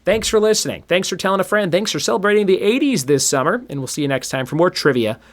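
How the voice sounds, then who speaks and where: A man's voice: high-pitched, animated, fast. Chatty man hosting a trivia podcast. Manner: chatty, laughs at his own jokes. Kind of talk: casual solo trivia podcast.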